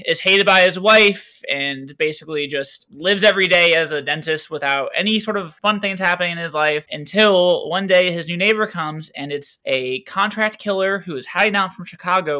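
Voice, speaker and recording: Bright-voiced man, casual podcast chat. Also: high voice. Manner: relaxed, summarizes plots. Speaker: podcast co-host.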